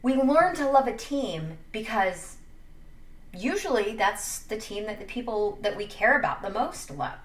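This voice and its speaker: Lively, sassy sports-talk woman. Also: on the high side, measured pace, distant mic. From Wyoming. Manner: sassy, animated, jokey. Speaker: sports commentator. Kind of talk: casual opinion vlog. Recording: echoey room, a little off-mic.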